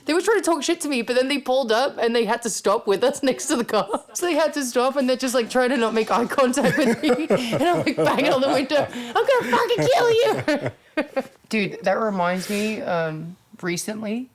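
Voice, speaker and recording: A woman in her thirties hosting a podcast, telling wild stories in casual, profane chat and acting out shouted quotes. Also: fairly high pitch, a little fast. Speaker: podcast host.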